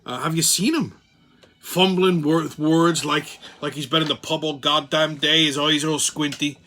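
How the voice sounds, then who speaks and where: Irish pundit voice, whimsical brogue, profane rant, bright tone, as a man puts it on. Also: on the high side, steady tone, normal speed. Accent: put-on Irish. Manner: profane, ranting. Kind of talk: political commentary rant.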